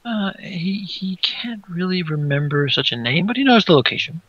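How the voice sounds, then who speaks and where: Game master, halting and full of fillers, husky, dull lo-fi sound. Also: male voice, high voice, expressive, fairly bright tone, no echo. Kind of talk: narrating a tabletop game.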